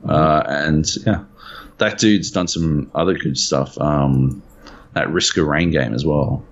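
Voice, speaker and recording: A man's voice: rumbling low, slow, muffled recording. A man co-hosting a podcast in casual chat, swearing freely and teasing. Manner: swears freely, banters and teases. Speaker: podcast co-host.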